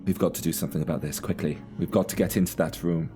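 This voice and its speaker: A man voicing a brisk, commanding female elf in a low voice. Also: steady tone, mellow, faint music behind, close to an everyday voice. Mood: urgent. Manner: brisk and authoritative.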